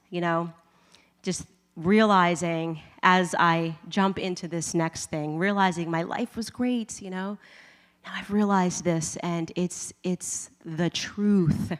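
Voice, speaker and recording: A woman's voice: fairly low pitch, fairly even intonation, takes it slowly, clear, resonant tone. A woman giving a humorous personal testimony to a live audience, laughing often and acting out her own thoughts. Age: adult with a husband and kids. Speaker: speaker giving a conversion testimony. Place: large event hall. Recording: long hall reverb from a live event.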